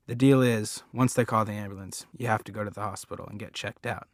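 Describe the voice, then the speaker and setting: A man's voice: lowish voice, fairly even intonation, fast talker, few pauses, no echo, studio quality. A man reading a first-person story aloud as an audiobook, in an earnest, plain-spoken way. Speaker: audiobook reader.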